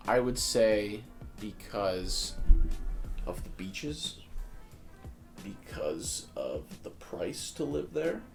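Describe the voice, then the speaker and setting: A man's voice: on the low side, very slow, gravelly, pauses often. A young man hosting a laid-back talk show, his voice bouncing up and down as he jokes about himself. He talks casually and animatedly, with faint music underneath. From New Jersey. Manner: animated, self-deprecating banter. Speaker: podcast host. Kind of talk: casual chat.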